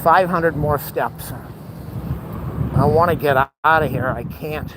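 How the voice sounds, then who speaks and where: A man talks between heavy breaths as he walks outdoors. He is out of breath and jokes about himself. Street noise runs clearly behind him. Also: a little high, slow. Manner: breathless, self-mocking, playful asides. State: out of breath and sweating. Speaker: vlogger. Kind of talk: walking vlog, joking to camera.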